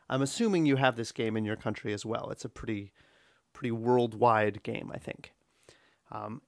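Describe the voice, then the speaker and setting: A man teaching an exam listening lesson, explaining number pronunciation slowly and demonstrating rhythms by counting aloud. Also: mid-range voice, dry recording, clean studio sound. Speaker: English teacher.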